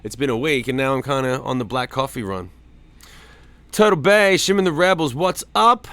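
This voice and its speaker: A man's voice: mid-range voice, lively intonation, normal speed, bright, forceful tone, clean tone, no echo. A middle-aged man hosting a loose livestream from home, chatting with viewers by name and swearing freely. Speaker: streamer hosting a live chat. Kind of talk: casual livestream chat reading viewer comments.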